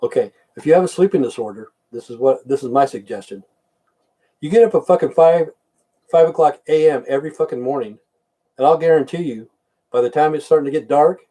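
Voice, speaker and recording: A man's voice: medium pitch, dark tone, distant mic. An older man hosting a casual livestream, rambling in blunt, profane rants. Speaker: livestream host.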